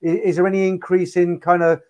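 A male guest on a livestream chat show. He sounds curious and asks questions in a high voice, often restarting his sentences as he talks. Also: level tone, brisk, darkish tone. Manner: inquisitive, hesitant restarts. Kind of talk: casual chat.

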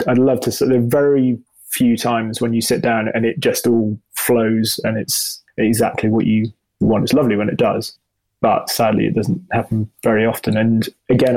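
Man, gravelly, middle pitch, rambling, self-deprecating interview answers. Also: a little mellow, rough recording. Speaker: motoring journalist and video presenter.

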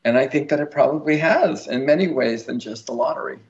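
A man tells a long story as an interview guest, rambling and chatty, with frequent ums and restarts. His voice has a gravelly, creaky edge. The recording sounds somewhat dull and lo-fi. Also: mid-range voice, brisk. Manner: laughs easily. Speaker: lottery winner guest.

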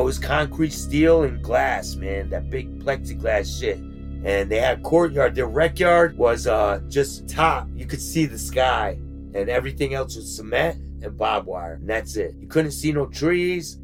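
A man casually telling about his time in prison, in street slang, with animated retelling. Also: medium pitch, a little slow, faint music behind. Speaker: former inmate telling his story. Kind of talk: casual storytelling.

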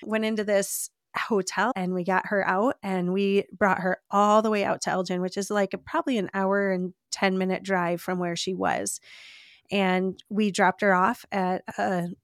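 A woman's voice: mid-range voice, little pitch movement, normal speed, dry recording, clean studio sound. Earnest woman sharing a heartfelt testimony. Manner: earnest, heartfelt storytelling with frequent "like". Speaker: podcast guest. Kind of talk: personal faith testimony in conversation.

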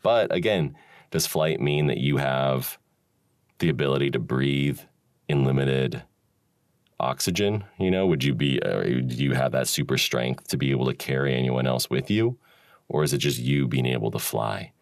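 Very deep-voiced man musing aloud. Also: moderate pace, creaky, no room sound, clean studio sound. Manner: rambling and musing, with frequent chuckles and restarts. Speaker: podcast host. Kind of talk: solo reflective monologue.

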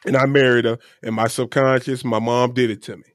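A man's voice: medium pitch, level tone, brisk, no room sound. A man co-hosting a casual chat, talking in a frank, rambling way and swearing casually. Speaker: podcast co-host.

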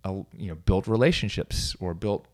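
A man's voice: sits low, moderate pace, darkish tone. A middle-aged man, a coach, talking casually on his own, rambling with restarts and small self-amused laughs. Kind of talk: casual solo talk.

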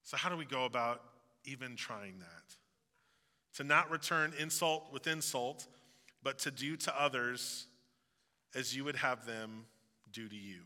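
A man's voice: medium pitch, measured pace, long pauses, pushed and bright, big-room sound. A male pastor giving a sermon, earnest and preaching, with jokey asides.

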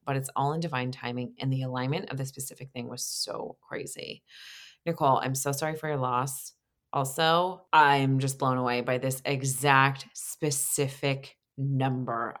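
A woman's voice: rumbling low, fairly bright tone. A woman hosting a podcast in a casual, enthusiastic way, gushing over her listeners' stories. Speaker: podcast host.

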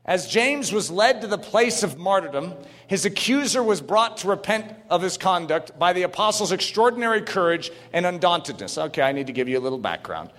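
Male preacher, sermon delivery, fervent and shouting at peaks, high-pitched, long hall reverb. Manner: builds from calm teaching to shouted preaching; reads quotes aloud, jokes with the congregation.

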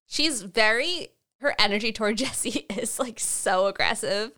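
Bright, chatty woman podcast co-host. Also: fairly high pitch, measured pace, few pauses, clear, resonant tone. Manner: chatty, laughs often, acts out characters' lines. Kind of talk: casual recap chat.

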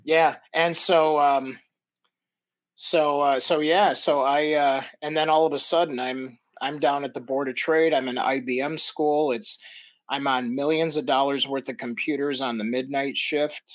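An older man from the American Midwest, a podcast guest telling stories in a casual, animated way, laughing as he acts out quotes. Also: mid-range voice, measured pace, no echo. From Midwestern United States. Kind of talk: casual storytelling.

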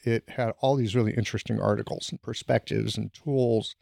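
A middle-aged man hosting a casual conversation, telling stories in an animated way. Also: lowish voice, fairly quick, creaky, no room sound, studio quality. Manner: animated storytelling.

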